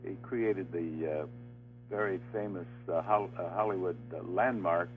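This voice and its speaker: An older man, a former game show host, tells a halting anecdote in an interview, breaking into laughter as he goes. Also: low-pitched. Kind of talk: storytelling in an interview. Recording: tinny phone line with faint music.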